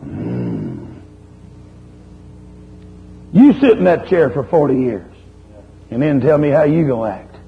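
A man preaching a sermon, telling a story in a lively, folksy way and chiding his listeners. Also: mid-range voice, slow pace, vocal fry, pauses often. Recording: dull lo-fi recording with faint hum.

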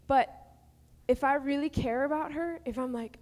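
A young woman with a fairly high voice talks to teenagers with earnest feeling, plainly and informally. Her words ring out through the long reverb of a large camp hall. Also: moderate pace. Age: young adult. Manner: earnest, rising to impassioned cries when acting out prayer. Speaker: youth panel speaker. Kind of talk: informal teaching to teens.

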